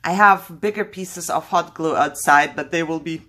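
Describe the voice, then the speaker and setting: A woman's voice: low-pitched, moderate pace, a bit bright. A woman hosting a casual craft tutorial, chatty and thinking aloud, laughing at her own mistakes as she works.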